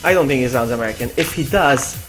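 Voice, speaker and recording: A man's voice: medium pitch, fast, poor audio. A man from Malta, chatting loosely on a live game stream. He rambles, corrects himself mid-sentence and answers viewers' messages aloud. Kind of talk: casual live-stream chat. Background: game music.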